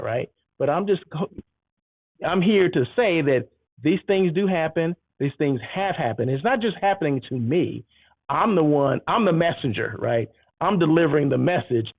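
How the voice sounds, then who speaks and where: A man talks straight to his audience in a casual monologue, acting out the back-and-forth of a story with lively energy. His voice sits a little high, and the sound is dry and thin like a phone call. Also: husky, no room sound. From United States. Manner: animated storytelling, acts out exchanges. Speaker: host.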